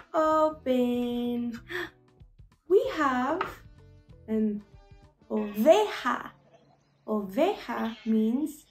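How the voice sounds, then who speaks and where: A woman with a high, bouncy voice teaches toddlers at a very slow, careful pace. She coaxes them with exaggerated gasps and repeats each word. The room is echoey and soft music plays underneath. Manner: exaggerated gasps and sing-song coaxing; slow, deliberate repetition for toddlers. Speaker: children's language teacher. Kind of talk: children's educational talk.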